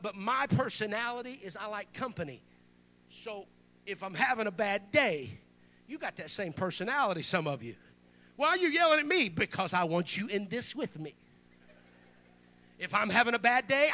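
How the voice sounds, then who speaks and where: A young man preaching a sermon, telling a personal story and swinging from hushed confiding to shouted, excited praise. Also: extremely high pitch.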